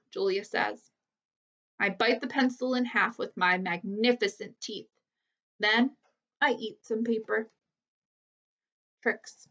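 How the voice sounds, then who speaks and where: A woman reading a children's novel aloud as a teacher, with steady, clear storytelling. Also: on the high side, takes it slowly, long pauses, recorded from a distance. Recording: slightly muffled lo-fi recording.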